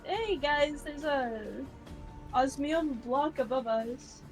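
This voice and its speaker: A woman playing a tabletop game, loud, excitable and joking. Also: sits high, takes it slowly, faint music behind, poor audio. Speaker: player. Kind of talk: casual tabletop play.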